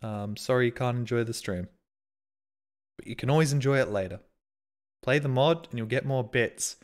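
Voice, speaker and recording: A man's voice: mid-range voice, normal speed. A man streaming live, reading out viewer donations and messages in casual, self-mocking, sarcastic banter.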